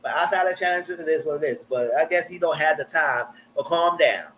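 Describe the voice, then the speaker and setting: Man, live-stream TV recapper, casual and opinionated, a touch high-voiced, with a faint background hiss. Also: fairly quick, rough recording. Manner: animated, jumps high when quoting people; blunt, slangy, opinionated.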